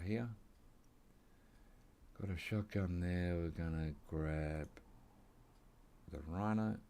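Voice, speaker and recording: A man's voice: low-pitched, vocal fry, darkish tone, a little hiss or hum. An Australian man rambling casually while he plays a hunting game, drifting into side chat. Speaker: gaming channel host. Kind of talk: casual gameplay commentary.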